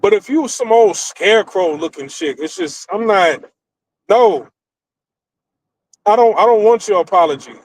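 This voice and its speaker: A middle-aged American man with a fairly high-pitched voice rants through a story. He talks in a blunt, profane, animated way, like a casual stream host. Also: moderate pace, pauses often, dry recording, rough recording.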